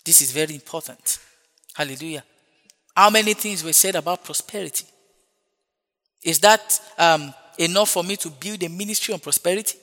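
A man preaching a sermon, stretching words slowly for emphasis and dropping in hallelujah and praise God between points. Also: a little high, sharp tone. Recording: long hall reverb.

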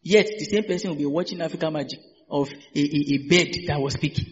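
A man's voice: a little high, fast talker. A man preaching a sermon, exuberant, laughing often and repeating hallelujahs and phrases. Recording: echoey hall, dull lo-fi sound.

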